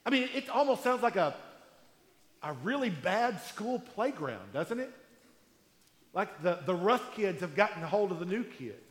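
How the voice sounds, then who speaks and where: A man's voice: sits high, big pitch swings. Man preaching in an echoey hall. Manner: conversational storytelling preaching with emphatic pauses. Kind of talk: sermon. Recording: echoey hall with long reverb.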